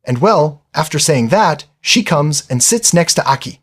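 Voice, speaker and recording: Lively husky-voiced man recapping an episode. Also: on the high side, moderate pace. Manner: chatty, exclaims "man" and "I mean". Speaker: anime recap narrator. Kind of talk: casual episode recap narration.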